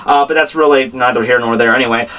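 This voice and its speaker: A young man rambling excitably as he reviews a manga chapter, full of restarts and asides. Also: mid-range voice, quick pace, distant mic, poor audio. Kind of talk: casual chapter review vlog.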